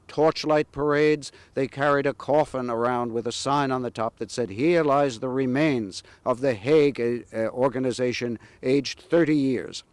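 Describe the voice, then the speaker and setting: A man sharing historical anecdotes about local politicians in a measured, pausing way. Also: mid-range voice, no echo. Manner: measured, anecdotal with frequent "uh" pauses. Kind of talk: historical storytelling.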